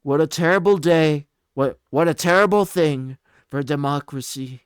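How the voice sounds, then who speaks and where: A man doing an impression of a blustering older male politician, reading a post in a loud, drawn-out, emphatic voice. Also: fairly high pitch, smooth, no echo, studio quality, pitched above the performer's own voice, natural voice. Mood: bombastic.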